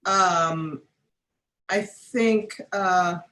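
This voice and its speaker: A woman's voice: on the low side, a bit bright. Woman on a video call, um-ing thoughtfully, lots of room echo. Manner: thoughtful, pausing with frequent fillers. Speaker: guest artist. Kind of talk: conversational interview.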